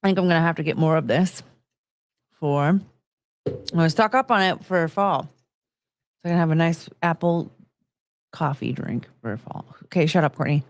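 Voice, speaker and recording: A woman's voice: low voice, normal speed, long pauses, no echo. A woman live streamer chatting casually and rambling, often poking fun at herself and greeting her chat. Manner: rambling, self-mocking, greets chat in a sing-song lift.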